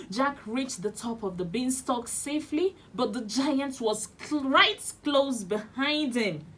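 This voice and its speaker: A woman's voice: high-pitched, a bit bright. A woman with a Nigerian accent, a children's radio host reading a storybook aloud expressively. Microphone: studio radio mic.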